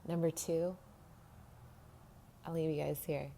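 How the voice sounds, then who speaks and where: A woman tells a rambling personal story straight to camera, laughing often and slipping into whispers. Her voice sits fairly low, with a gravelly, mellow texture. Faint background noise runs under the recording. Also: flat delivery, slow. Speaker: vlogger.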